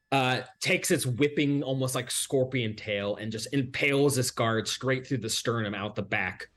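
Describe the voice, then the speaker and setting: A man narrating a tabletop game as game master, pausing often and filling gaps with hesitations. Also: mid-range voice, fairly bright tone. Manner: halting, many fillers.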